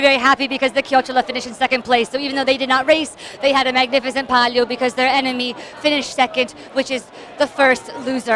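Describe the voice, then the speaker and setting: This woman's voice sits high. She gives lively, conversational commentary on a street celebration outdoors, walking with the camera and sounding excited and winded, with crowd noise and drumming around her.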